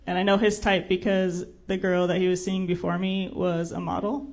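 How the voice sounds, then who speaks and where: Dry, flat-voiced male comic. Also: high-pitched, normal speed. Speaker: stand-up comedian. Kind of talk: stand-up routine. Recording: very noisy stage recording.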